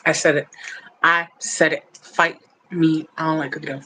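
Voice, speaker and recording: A woman's voice: deep voice, little pitch movement, normal speed, sharp tone, slightly rough, low-quality recording. A woman hosting a livestream, chatting casually with her viewers in a playful, blunt and teasing way, laughing often. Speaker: livestream host reading chat. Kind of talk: casual chat.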